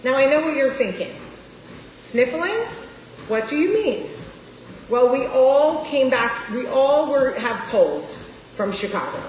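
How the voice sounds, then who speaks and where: A woman in her forties, from New Jersey, tells a personal story to her viewers, her voice sitting a little high. She speaks in a confiding, emphatic, emotional way. The recording rings with a roomy, long reverb over faint ambience. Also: sing-song, takes it slowly, slight background noise. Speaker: vlogger. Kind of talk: casual storytelling to camera.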